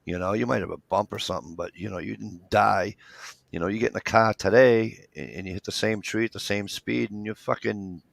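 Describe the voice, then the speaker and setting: A man's voice: fairly low pitch, fairly even intonation, fairly quick, creaky, dry recording, clean studio sound. A man in his fifties in rambling casual chat, swearing freely as he tells stories. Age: 50s. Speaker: podcast co-host.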